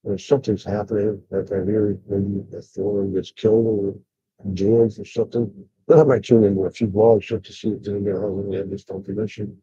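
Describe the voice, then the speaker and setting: An older man talks in a rambling, blunt livestream chat, full of "uh"s and restarts. His voice is dark and husky, and the sound is dry and muffled. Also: fairly low pitch, flat delivery, brisk, no room sound. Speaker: vlogger. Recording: dull lo-fi sound.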